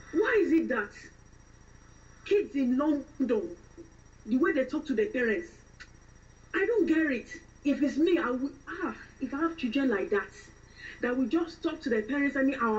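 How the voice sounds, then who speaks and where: A woman's voice: high voice, far from the mic, muffled recording. Woman putting on a fervent Nigerian lady. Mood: indignant. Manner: fervent, preachy exclamations. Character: newly arrived Nigerian woman in London, devout, exasperated.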